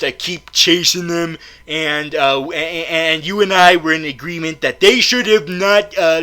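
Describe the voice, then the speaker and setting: A man's voice: high-pitched, pushed and bright. A man recapping a film in a casual, comedic way, rambling and profane, stammering with many fillers. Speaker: film reviewer.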